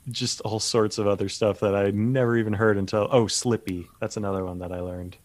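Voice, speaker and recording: A man's voice: fairly low pitch, fairly even intonation, brisk, no room sound. A man co-hosting a podcast, chatting casually and easily with some nerdy enthusiasm. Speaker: podcast co-host. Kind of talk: casual chat.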